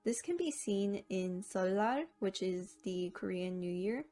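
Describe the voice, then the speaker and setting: A woman narrating a scripted language lesson, explaining rules clearly and slowing down to sound out each example word. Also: medium pitch, warm tone, faint music behind. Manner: clear, careful explanation with slow, drawn-out example words. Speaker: language teacher.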